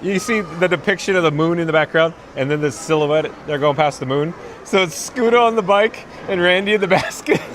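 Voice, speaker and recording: Brief: man, fairly high voice, live stream host, giggly and rambling, faint outdoor noise behind. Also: fairly quick, hardly any pauses, fairly bright tone. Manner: laughing helplessly, giddy and rambling. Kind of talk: casual live stream chat. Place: outdoors at a theme park.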